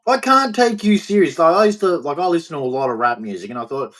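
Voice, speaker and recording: A man's voice: on the high side, expressive, quick pace, a bit bright. A man, ranting bluntly and scornfully in commentary to the camera. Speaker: vlogger.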